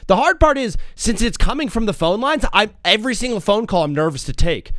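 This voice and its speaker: Lively young male sports host. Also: sits high, brisk, few pauses, dry recording, studio quality. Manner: animated, laughs often, acts out callers. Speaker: sports talk show host. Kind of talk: casual podcast chat.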